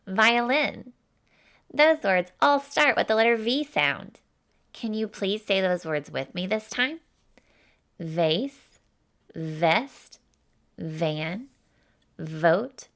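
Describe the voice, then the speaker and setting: A woman's voice: mid-range voice, fairly bright tone. A woman voicing a cheerful, folksy teacher, giving an encouraging, sing-song phonics lesson for children.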